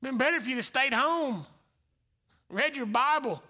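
Male pastor, sermon, very high voice, swings from whispers to shouts. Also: expressive, moderate pace. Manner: dynamic preaching, swinging between loud exclamations and hushed whispers.

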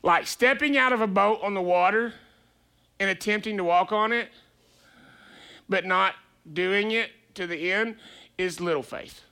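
A man's voice: high-pitched, unhurried, pauses often, bright, forceful tone, clean tone. A male pastor preaching a conversational sermon, chatty and playful, asking rhetorical questions.

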